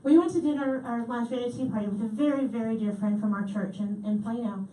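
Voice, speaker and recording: A woman giving a comedic keynote talk, lively and animated, repeating audience answers back to them. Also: a little high, quick pace. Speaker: keynote speaker. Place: large hall. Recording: echoey hall from far off, faint noise.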